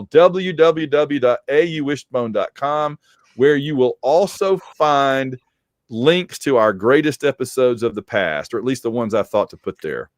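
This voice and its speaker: Man, podcast co-host, joking, lively up-and-down delivery, slightly worn voice. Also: medium pitch, dry recording. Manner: joking, animated, teasing. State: voice getting worn. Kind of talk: casual chat, reading supporter names.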